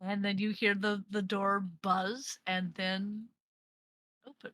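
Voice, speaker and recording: A woman running a tabletop role-playing game as game master, describing scenes haltingly with many restarts. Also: mid-range voice, flat delivery, fairly bright tone, no room sound. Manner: halting, full of restarts and fillers.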